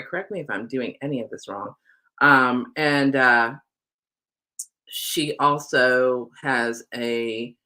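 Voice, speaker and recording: A woman's voice: sits low, bright, forceful tone. A middle-aged woman and spiritual life coach, chatting casually to camera in a rambling, affectionate way and often saying "y'all".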